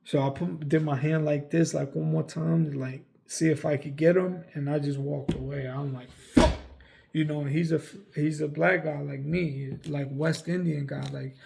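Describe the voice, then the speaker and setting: Man, young adult, gravelly, fairly high voice, casual rambling storytelling, cursing. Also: mellow. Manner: rambling, frequent fillers, cursing. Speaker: vlogger.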